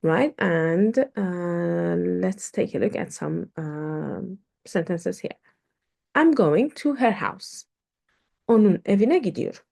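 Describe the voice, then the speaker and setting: A woman teaching a language lesson in English, explaining slowly with many fillers and repeated words. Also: fairly low pitch, vocal fry, dark tone. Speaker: Turkish teacher.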